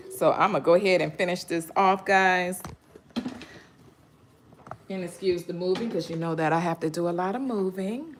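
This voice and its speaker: A woman's voice: lowish voice, moderate pace, long pauses, a little hiss or hum. A woman chatting casually with viewers on a live stream while she cuts fruit and juices in her kitchen, greeting people by name and laughing often. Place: home kitchen.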